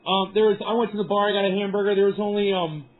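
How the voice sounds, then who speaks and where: A man's voice: sits high, fairly even intonation, quick pace. Rambling man live-streaming on a tinny phone. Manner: rambling, profane, talks to chat viewers. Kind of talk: casual live-stream chat. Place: outdoors up on a mountain. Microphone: cell phone.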